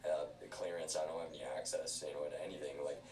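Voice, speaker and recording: A man's voice: very deep voice, flat delivery, fast talker, darkish tone, distant mic. A man livestreaming, talking at length in an earnest, insistent way, often repeating himself and restarting his sentences. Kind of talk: rambling livestream talk. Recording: roomy, off-mic, faint hiss.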